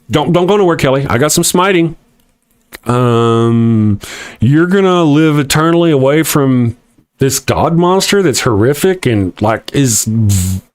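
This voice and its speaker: Middle-aged male host, irreverent and mocking, slightly high voice. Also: no room sound. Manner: irreverent, mocking, laughs often. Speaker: host of a live atheist morning show. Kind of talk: casual live-stream talk reading viewer comments.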